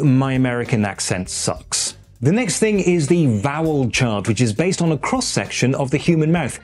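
A man's voice: mid-range voice, husky. A British man with a received pronunciation accent, explaining sounds step by step in a dry, wry way, recorded in a small room and cleaned up afterwards. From Britain. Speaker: educational YouTuber. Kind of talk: explainer video narration. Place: small room with poor acoustics, audio cleaned up. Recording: faint background music.

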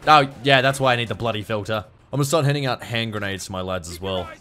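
A young Australian man giving let's-play commentary, excitable, swearing and yelping at the action on screen. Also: fairly low pitch, quick pace, faint music behind. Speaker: gaming YouTuber.

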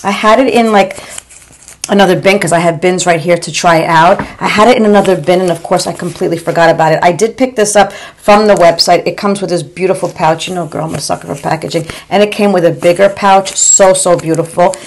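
A woman's voice: fairly low pitch, fairly even intonation, fairly quick. A woman in her forties or fifties, a beauty vlogger in a casual makeup review at home, chatty and calling her viewers "girl", with stammering repeats. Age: 40s or 50s. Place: home room.

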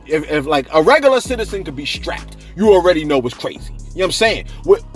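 A man's voice: a little high, quick pace, faint music behind. A man hosting a celebrity gossip channel, chatting casually and telling stories with lots of laughter. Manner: animated storyteller, laughs often, acts out quotes. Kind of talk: casual commentary.

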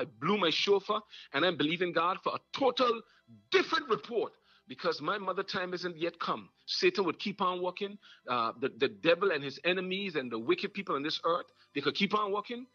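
Young virgin islands preacher guy, high voice, fired up and repeating himself, dull lo-fi audio. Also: pushed and bright. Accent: Virgin Islands Creole English. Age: young adult. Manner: fervent, repetitive preaching cadence. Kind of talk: impassioned sermon testimony. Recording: dull lo-fi recording.

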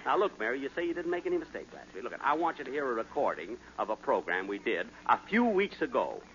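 A man's voice: medium pitch, sing-song, quick pace, fairly bright tone. A man hosting a radio comedy, playing exasperated and defensive in a 1940s radio acting style. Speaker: comedy show host. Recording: hissy lo-fi 1940s radio broadcast.

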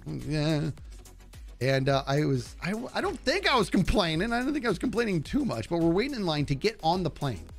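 A man's voice: a little high, brisk, creaky. Middle-aged man, live streamer, casual rambling storytelling, self-deprecating, faint background music. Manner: rambling, self-deprecating, animated when telling the punchline.

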